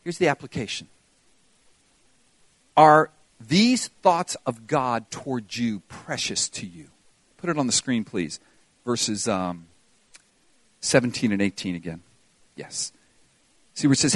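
A man's voice: mid-range voice, animated, measured pace, pauses often, dry recording. An older man preaching a sermon as pastor, earnest and pleading, putting questions to his congregation.

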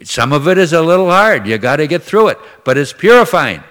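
Older priest preaching in a reverberant hall. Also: male voice, fairly high pitch, sing-song, a little fast, a bit bright. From Minnesota, USA. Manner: conversational and folksy, acts out voices in anecdotes. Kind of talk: sermon with storytelling.

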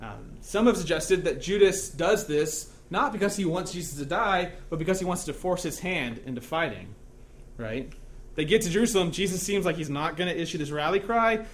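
A man's voice: fairly high pitch, animated, normal speed, a bit bright. A male pastor giving a conversational sermon, joking often and checking in with his listeners.

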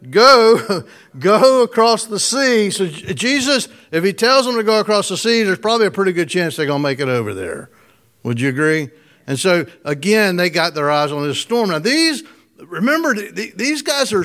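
A man with a somewhat high voice, preaching in a loose, conversational way. He chuckles often between points and keeps asking his listeners questions as he goes. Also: fairly bright tone. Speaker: pastor. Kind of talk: casual conversational sermon.

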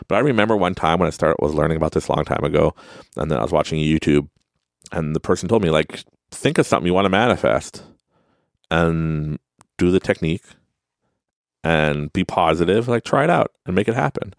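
A man's voice: deep voice, expressive, a little fast, gravelly, no echo, clean studio sound. A man hosting a podcast, talking casually about self-help and laughing at his own rambling stories. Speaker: podcast host.

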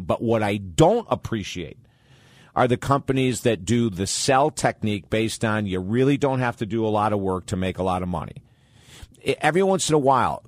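A man hosting an advice talk show, answering listener questions in a blunt, animated and candid way. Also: lowish voice, dry recording, clean studio sound.

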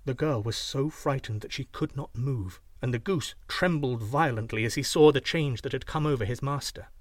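A man reading a children's fairy tale aloud, expressive and shifting voices for each character. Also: mid-range voice, no room sound, studio quality. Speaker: storyteller.

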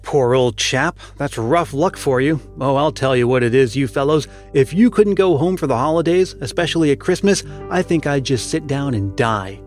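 A man's voice: mid-range voice, expressive, moderate pace, hardly any pauses, faint music behind, lightly acted. A man voicing an eager, boastful but kind schoolboy in a storybook reading, lifting his voice as the boy.

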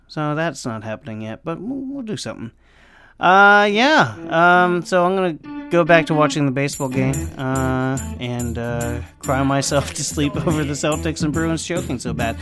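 A man's voice: mid-range voice, a bit bright, clear, resonant tone, dry recording. A man hosting his own show, giving a casual, rambling sports rant full of fillers and frustration. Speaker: podcast host.

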